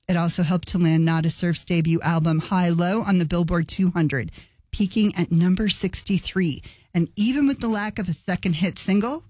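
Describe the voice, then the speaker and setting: A woman's voice: fairly low pitch, no room sound. A woman radio host narrating a scripted feature, chatty and adding light asides. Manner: conversational, adds light asides.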